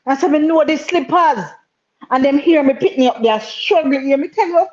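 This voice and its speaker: A Jamaican woman co-hosting a live-stream chat. She talks in patois, with emotion, and repeats herself when she gets worked up. Her voice sits fairly high and comes through on dull, lo-fi audio. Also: moderate pace, darkish tone. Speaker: co-host.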